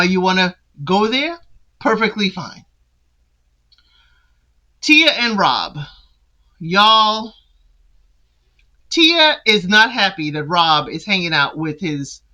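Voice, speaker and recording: Sassy, bright-voiced woman recapping a show. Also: medium pitch, rough recording. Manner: sassy, opinionated, talks straight to the people she recaps. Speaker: podcast host recapping a reality show. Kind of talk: casual recap commentary.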